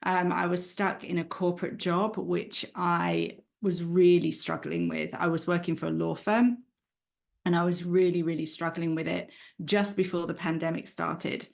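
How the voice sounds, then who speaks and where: A woman's voice: lowish voice, flat delivery, normal speed, creaky. A woman with a hybrid British-Australian accent, a guest telling her story in a chatty way. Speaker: guest, human design coach. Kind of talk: conversational interview answers.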